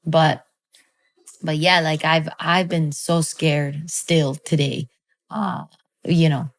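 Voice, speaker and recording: Animated woman guest telling a story. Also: deep voice, slow pace, gravelly. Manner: animated, swears freely, many fillers. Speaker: guest, film director. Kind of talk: casual storytelling in an interview.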